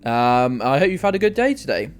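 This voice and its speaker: A man's voice: medium pitch, very animated, brisk. A young British man live-streaming a game, rambling and joking with viewers and swearing freely. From United Kingdom. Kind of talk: casual live-stream chat while playing. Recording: faint music in the background.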